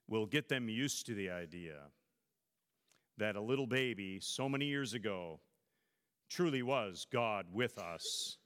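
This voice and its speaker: Animated preacher in a reverberant hall. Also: male voice, fairly low pitch. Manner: dramatic, rising to emphatic preaching, then quiet prayer. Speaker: pastor. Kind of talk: sermon.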